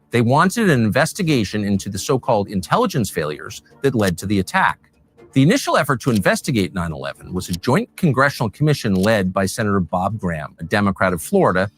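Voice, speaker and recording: Animated male narrator with a pitch that moves freely, reading a scripted documentary over a faint bed of music. His delivery is measured and pointed, landing each claim firmly.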